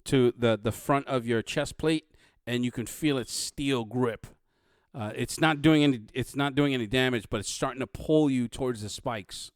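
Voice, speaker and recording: A man running a tabletop game as game master, narrating in a halting, playful way with many restarts. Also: mid-range voice, smooth, no echo, clean studio sound.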